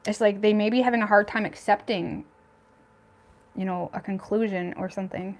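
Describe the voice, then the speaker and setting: A woman's voice: medium pitch, steady tone, normal speed. Chatty woman giving a tarot reading. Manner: chatty, frank, thinks aloud with fillers. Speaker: tarot reader.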